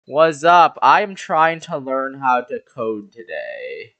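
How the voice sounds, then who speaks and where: A man's voice: medium pitch, huge pitch swings, slow, a bit bright, dry recording. A young man with a boyish voice chatting casually on a live stream, swearing a lot and running himself down in a rambling way. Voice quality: boyish, youthful-sounding. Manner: profane, self-deprecating, rambling.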